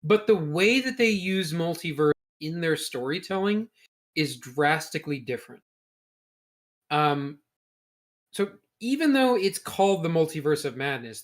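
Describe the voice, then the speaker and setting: A man co-hosting a podcast in casual chat, explaining at length in a blunt way and swearing freely. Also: a little high. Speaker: podcast co-host.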